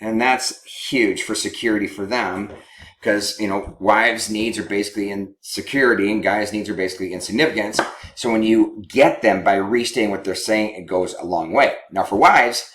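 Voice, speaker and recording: A man's voice: on the low side, fairly bright tone. Counselor guy talking casually to couples, keeps saying "right?", echoey room. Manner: conversational, often checks in with "right?". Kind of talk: teaching talk on couples communication. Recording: roomy echo.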